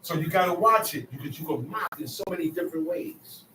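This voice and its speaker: Guy preaching bible lesson, kinda high voice, echoey room, sounds a bit far from the mic, faint noise. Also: animated, fairly quick, pushed and bright. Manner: emphatic, conversational, repeats phrases. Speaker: bible teacher. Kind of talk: scripture teaching.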